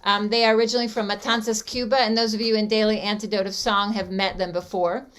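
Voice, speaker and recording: A woman's voice: medium pitch, flat delivery, fast talker, a bit bright, clear, resonant tone. A woman guest song leader chatting on a video call, introducing a song with frequent ums. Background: guitar music.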